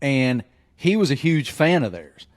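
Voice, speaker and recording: A man's voice: mid-range voice, big pitch swings, a little slow. Joking man telling a hometown story. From southwest Virginia. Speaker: podcast host. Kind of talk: casual chat.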